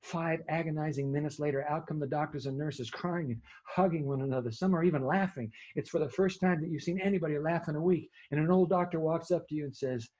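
Husky-voiced preacher telling a dramatic story. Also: male voice, mid-range voice, a little fast, lo-fi sound. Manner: vivid storytelling with sudden hushed drops.

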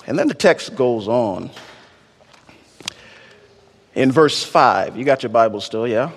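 A man preaching a sermon in a church, animated, using call-and-response and rhythmic repetition. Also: mid-range voice, takes it slowly, pauses often, husky. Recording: long church reverb.

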